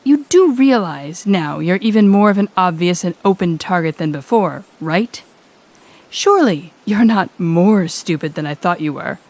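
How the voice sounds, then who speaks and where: A woman's voice: lowish voice, darkish tone. A woman as a cold, sardonic demon lord. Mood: exasperated. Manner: curt, cutting and sarcastic. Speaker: audio role-play performer. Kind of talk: audio role-play.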